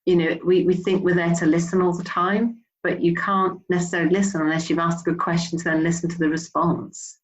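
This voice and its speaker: An interviewer whose voice sits at a middle pitch. They respond to the guest with encouragement. They reflect on the advice in their own words. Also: little pitch movement, fairly quick, hardly any pauses, a little hiss or hum, poor audio.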